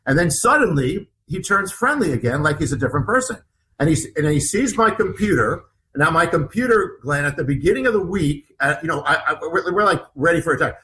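A man's voice: a little high, lively intonation, fairly quick, sharp tone, slight background noise, low-quality recording. A male author being interviewed, recounting an ordeal in vivid detail, often restarting and repeating his words. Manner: vivid, acts out what others said. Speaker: author guest. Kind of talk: animated interview storytelling.

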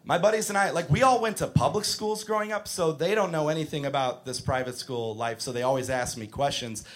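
A man doing a stand-up comedy set, ranting with crude language and bursting into shouts. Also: on the high side, brisk. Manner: animated, shouting mock rants with crude language.

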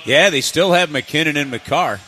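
A man's voice: fairly high pitch, normal speed. A man co-hosting a hockey broadcast from an arena event, making emphatic points in casual talk. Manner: animated, emphatic, laughs easily.

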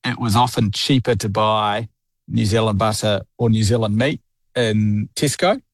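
A man speaks as a guest in a radio studio, answering frankly in an offhand way. His voice is fairly low, and the sound is dry and close. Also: fairly even intonation, unhurried, no room sound.

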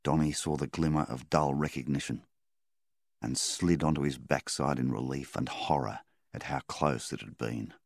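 A man reading a story aloud in calm, measured audiobook narration. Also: a bass voice, vocal fry, no room sound, studio quality. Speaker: story reader.

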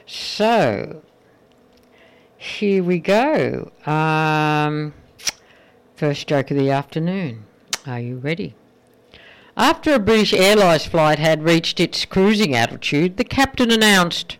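Male radio presenter, joke-telling, playful, fairly high voice, crisp. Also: animated, takes it slowly, a bit bright, poor audio. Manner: playful storytelling. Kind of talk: telling jokes between songs.

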